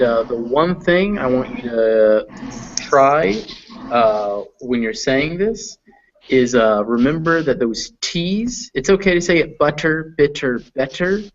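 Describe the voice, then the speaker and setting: A man teaching English pronunciation in an online lesson, patient and encouraging, with lots of fillers. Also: mid-range voice. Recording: dull lo-fi voice chat audio.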